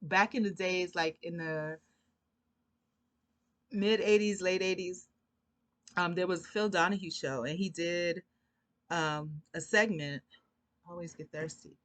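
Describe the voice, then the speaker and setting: A woman giving casual storytelling commentary, chatty and animated, with frequent asides. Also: lowish voice, measured pace, long pauses, no room sound. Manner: chatty, peppered with "you know", animated asides. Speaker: commentary vlogger.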